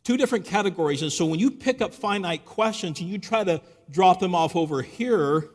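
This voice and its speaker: Male speaker, high voice, live church talk. Storytelling with rhetorical questions, recorded in a big reverberant hall. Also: expressive, fairly quick. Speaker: Christian apologetics speaker.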